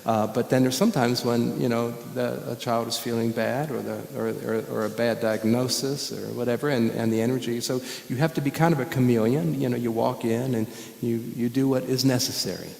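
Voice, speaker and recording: A man's voice: mid-range voice, a little fast, vocal fry. Chuckling storyteller man in an echoey church. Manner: animated storyteller who chuckles often. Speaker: guest musician and speaker. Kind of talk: storytelling talk to a congregation. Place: church sanctuary. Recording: echoey hall with long reverb.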